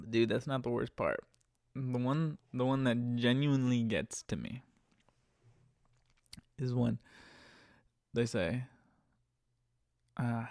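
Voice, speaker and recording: A man's voice: slow pace, long pauses, no room sound, studio quality. A man hosting a podcast, talking about his work as a rideshare driver in a casual, profane, exasperated rant that he laughs through. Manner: animated, jumps into higher pitch when mocking. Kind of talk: casual ranting monologue.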